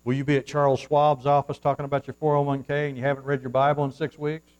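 A male pastor preaching a sermon from the pulpit, swinging from hushed asides to loud, fervent surges and reading scripture in formal old-fashioned wording. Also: medium pitch, little pitch movement, quick pace, smooth, poor audio. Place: church, at the pulpit.

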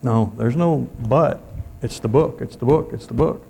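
A man's voice: medium pitch, moderate pace, creaky, dark tone, slight background noise. A man preaching a sermon in a folksy way, calling out amen often.

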